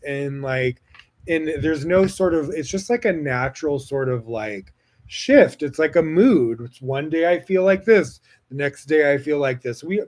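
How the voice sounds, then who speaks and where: Male podcast host, casual rambling monologue, chatty and gushing with lots of fillers and profanity, medium pitch. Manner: frequent laughter, swings loud and soft. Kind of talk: casual personal storytelling monologue.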